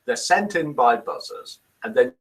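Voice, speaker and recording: A man's voice: fairly high pitch, big pitch swings, unhurried, creaky, fairly bright tone. A man hosting a casual live stream, reading out viewers' comments and guesses aloud. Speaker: host of a live daily chat stream.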